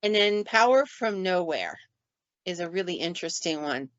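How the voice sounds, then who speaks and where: A woman, a paranormal investigator, telling stories in a casual podcast chat and acting out sounds and quotes with lively flair. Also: lowish voice, moderate pace, dry recording. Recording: dull, dry lo-fi recording.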